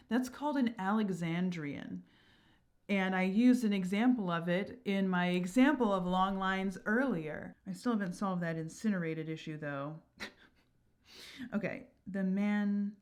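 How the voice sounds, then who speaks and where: A woman explaining poetic meter in a chatty lesson, reading quoted lines slowly and softly. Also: medium pitch. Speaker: verse teacher.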